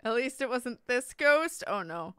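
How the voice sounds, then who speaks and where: A woman's voice: a little high, animated, measured pace, a bit bright, clean tone, dry recording, studio quality. A young woman casually commenting on a horror game, reading its dialogue aloud and joking as she plays. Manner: playful, reacts and jokes while reading lines. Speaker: let's play gamer.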